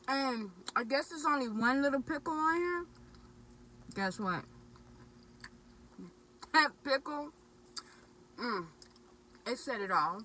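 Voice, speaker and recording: A woman excitedly reviewing a chicken sandwich, chatting casually in her parked car. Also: medium pitch, distant mic, a little hiss or hum, poor audio. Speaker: vlogger. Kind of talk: casual food review vlog.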